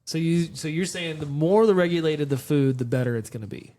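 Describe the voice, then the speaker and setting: A man's voice: a little high, fairly quick, mellow. A man co-hosting a casual podcast, asking playful questions. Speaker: podcast co-host. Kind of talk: casual chat.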